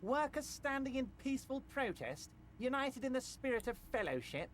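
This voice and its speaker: A scheming old union boss. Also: male voice, extremely high pitch, big pitch swings, moderate pace, slight background noise, full character voice. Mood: schmoozing. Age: older. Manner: smooth, ingratiating, theatrical. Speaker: union boss in a video game. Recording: game audio over loud music.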